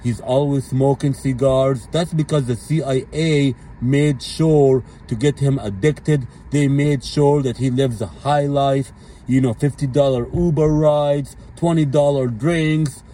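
Blunt, mellow-voiced man ranting. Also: mid-range voice, steady tone, a little slow. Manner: blunt, profane, repeats fillers like "okay" and "at the end of the day". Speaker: commentary vlogger. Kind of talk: ranting commentary monologue.

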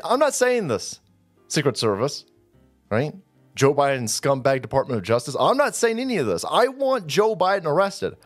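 A man giving heated, sarcastic and profane commentary as he reads out posts. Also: fairly high pitch. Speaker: online political commentator. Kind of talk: ranting commentary reading out posts.

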